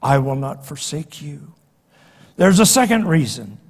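Older pastor guy preaching, high voice, goes loud then hushed, big echoey church hall. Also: sing-song, measured pace, slightly rough. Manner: dramatic, swings between loud and hushed. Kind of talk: sermon. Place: church sanctuary. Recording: long reverb of a large hall.

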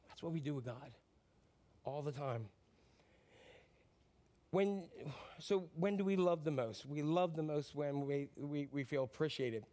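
A man's voice: fairly high pitch, a little slow, long pauses, dark tone. A middle-aged male pastor preaching a sermon in a conversational way, repeating phrases and asking the congregation questions.

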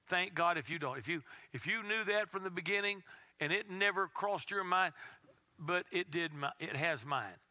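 A man preaching a sermon as pastor, telling a story in a conversational way and dropping to a soft, intense tone. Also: high voice, normal speed, no echo.

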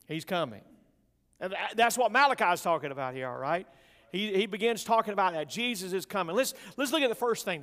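A man preaching a sermon, reading scripture slowly and swinging between loud emphasis and soft, low delivery. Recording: long hall reverb.

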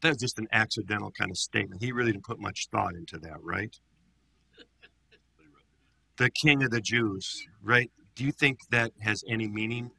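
Gravelly, bright-voiced man teaching scripture. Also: on the low side, a little fast, few pauses, a little hiss or hum. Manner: animated, asks the group rhetorical questions. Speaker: pastor leading a Bible study. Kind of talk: conversational Bible teaching.

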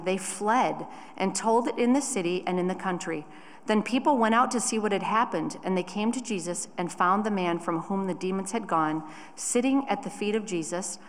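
A woman reading a scripture passage aloud in a measured, deliberate way during a church service. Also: mid-range voice, a little hiss or hum. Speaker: scripture reader. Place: church sanctuary. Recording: long church reverb.

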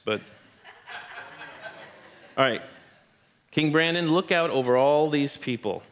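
A man's voice: on the high side, animated, takes it slowly, a little hiss or hum. Encouraging man teaching kids in church. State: out of breath. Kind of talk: family Bible lesson. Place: church hall with audience.

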